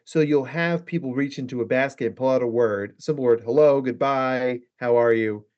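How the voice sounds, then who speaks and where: A man speaking as a guest therapist in a casual podcast conversation, lively, acting out quoted lines with shifting inflection. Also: medium pitch, normal speed. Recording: dull lo-fi sound.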